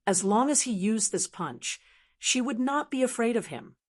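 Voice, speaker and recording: A woman narrating a translated fantasy novel as an audiobook in a steady reading voice. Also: fairly high pitch, moderate pace. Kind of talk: scripted narration.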